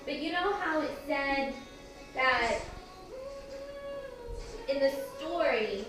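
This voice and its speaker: Woman, kids' yoga instructor, high voice, gentle, coaxing, echoey preschool room, distant mic, music underneath. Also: animated, takes it slowly. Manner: gentle, coaxing, talks to small children. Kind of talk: guiding children through yoga with a story. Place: preschool classroom.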